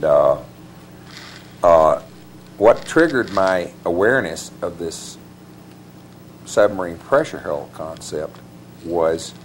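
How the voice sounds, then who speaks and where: A man's voice: sits low, a little hiss or hum. A man answering interview questions as an author guest, meandering with many fillers and restarts. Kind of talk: rambling conversational interview answers.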